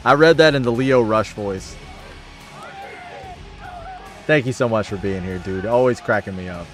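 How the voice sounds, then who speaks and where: In a fairly low-pitched voice, a man talks fairly quickly while hosting a casual livestream, reading viewer comments and thanking viewers by name in an upbeat, friendly manner. Soft background music plays.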